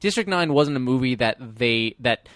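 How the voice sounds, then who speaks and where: A man gives emphatic opinions in a casual film chat. His voice is mid-pitched. The sound is dry and close. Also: animated, normal speed, fairly bright tone, dry recording.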